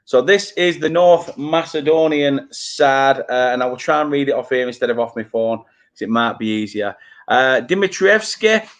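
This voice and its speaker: This young fan channel host from Burnley, Lancashire, runs a live football watchalong, chatting casually, reading chat comments, and mocking his own slip-ups as he stumbles over names. His voice is medium in pitch and animated, at a moderate pace.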